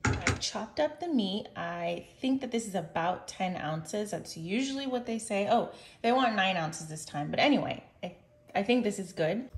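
With background noise around her, a young woman with a medium-pitched voice films a casual cooking vlog in her home kitchen, chatty, frequently laughing and voicing her worries aloud.

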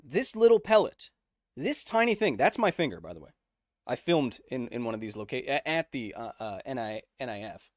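A man's voice: medium pitch, lively intonation, fairly quick, no room sound, studio quality. A man hosting a casual livestream, explaining science conversationally, checking in with viewers and answering their chat messages. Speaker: host.

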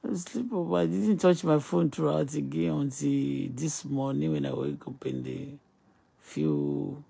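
A woman's voice: low-pitched, fairly even intonation, unhurried, gravelly, mellow, slightly rough. A woman from Nigeria with a Yoruba-tinged Nigerian accent, talking on a phone live stream in an emphatic, repetitive way. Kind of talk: casual live-stream talk and prayer.

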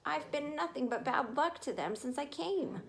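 A woman voicing a worried, timid male cricket who speaks in an anxious, hushed way in a storybook reading. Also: high-pitched, lively intonation, normal speed, gravelly, slight background noise, pitched above the performer's own voice, rough recording. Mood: dejected.

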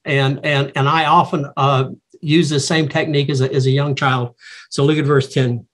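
A man teaching a Bible study in a reflective, explanatory, somewhat halting way. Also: medium pitch, little pitch movement, a bit bright.

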